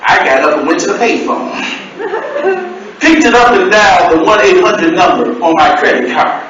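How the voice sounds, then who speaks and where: A man in his fifties telling comic stories live on stage, animated and swooping between deep and shouted lines. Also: normal speed, slight background noise. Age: 50s. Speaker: storyteller. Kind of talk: live storytelling performance. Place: storytelling event hall. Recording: echoey hall from far off, dull.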